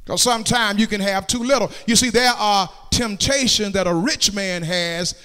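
A man preaching a sermon in a church, swinging from plain talk into shouted, sung cadences and calling out to the congregation for answers. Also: high-pitched, moderate pace, clean tone. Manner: calls out to the congregation for response. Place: church sanctuary. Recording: long hall reverb.

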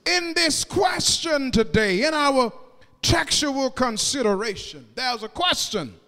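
High-voiced preacher in a reverberant hall. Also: male voice, sing-song. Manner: preaching with rising, sung cadences and shouted peaks; draws out key words slowly. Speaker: pastor. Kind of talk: sermon. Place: church sanctuary. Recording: long reverb of a large hall.

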